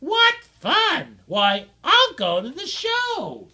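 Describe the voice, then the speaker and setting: A reader voicing a lazy, flighty female bird who shrieks and bosses in a high, loud voice. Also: wildly swooping pitch, drawn-out words, exaggerated voice. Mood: delighted. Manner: shrieking, indignant.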